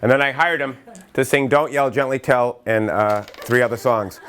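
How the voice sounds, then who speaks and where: A middle-aged Massachusetts man leads a high-energy training session for educators, his medium-pitched voice clear and resonant. He tells stories in rapid bursts, cuts himself off, acts out quotes, and sometimes breaks into chanting.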